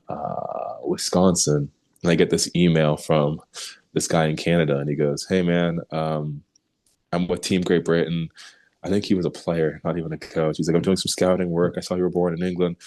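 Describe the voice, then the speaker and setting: A young man with a very low, deep voice tells stories as an interview guest. He acts out what others said and laughs easily, keeping things casual and animated. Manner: animated storyteller who acts out quoted remarks, laughs easily.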